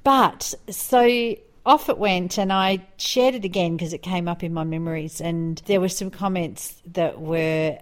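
Middle-aged lady cohosting a chatty podcast, kinda low voice, laughs a lot, does little impressions. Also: a little slow, few pauses. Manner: animated, laughing, mimics voices. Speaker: podcast co-host. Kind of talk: casual chat.

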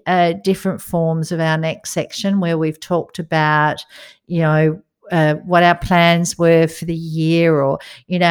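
Woman, middle-aged, podcast host, lively storyteller, laughs a lot, low pitch. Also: smooth. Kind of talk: casual chat.

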